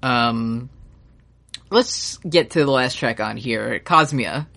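A man's voice: medium pitch, takes it slowly, gravelly, pushed and bright. Rambling, swearing male podcast co-host. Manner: rambling, swears, many fillers and restarts. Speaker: English teacher. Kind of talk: casual chat.

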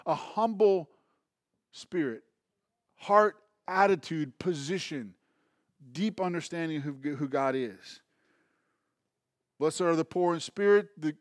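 Male preacher, a touch high, dry close sound, talks to the room and checks in often. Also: no room sound. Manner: conversational preaching with frequent restarts and check-ins like "right?". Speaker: pastor. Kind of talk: sermon.

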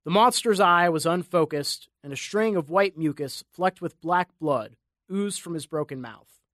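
A male audiobook narrator tells an action story in a measured, dramatic way. His voice sits a little high for a man, and the recording is dry and close with no room sound. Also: a bit bright, no echo. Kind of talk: scripted narration.

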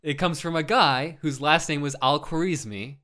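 A man's voice: a little high, moderate pace, sharp tone. A man co-hosting a casual podcast chat, sarcastic and rambling, swearing freely. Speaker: podcast co-host.

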